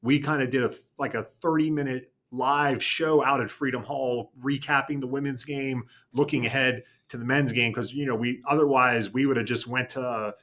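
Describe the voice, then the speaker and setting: Chatty bright-voiced man, rambling. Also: medium pitch. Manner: rambling, self-correcting storytelling. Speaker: TV news anchor. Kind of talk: casual chat.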